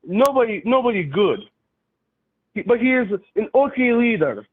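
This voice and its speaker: A man in his thirties with a Russian accent, calling in and speaking halting, broken English in a literal, puzzled way. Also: very high voice, very animated, background noise. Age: 30s. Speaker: caller. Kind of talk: call-in phone conversation. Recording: tinny phone line.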